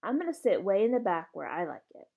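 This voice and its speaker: A woman voicing a breezy, gentle mom. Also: medium pitch, sing-song, fast talker, gravelly, breathy edge, narrow, tinny audio, exaggerated voice. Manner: gentle, casual. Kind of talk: reading a novel aloud.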